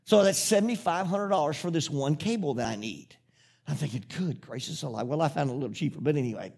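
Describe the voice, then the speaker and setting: A man preaches in a notably high voice. He wanders through a personal story with many restarts, then drives his points home with forceful repetition. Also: fast, creaky, breathy edge. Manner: rambling storyteller, building to emphatic repetitive preaching. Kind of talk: sermon.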